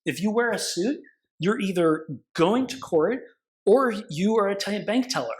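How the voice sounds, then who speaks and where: A man's voice: high voice, expressive, a little slow, low-quality recording. A man, a consumer protection attorney, telling stories casually in an interview, acting out quoted voices and swearing now and then. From California.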